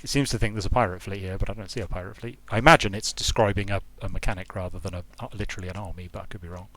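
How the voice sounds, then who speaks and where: A man's voice: low-pitched, fairly even intonation, racing, a bit bright. A young man casually commenting on a strategy game he is streaming from home, thinking aloud and often breaking off mid-sentence. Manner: rambling, self-interrupting, thinking aloud. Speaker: game designer streaming gameplay. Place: hot room at home.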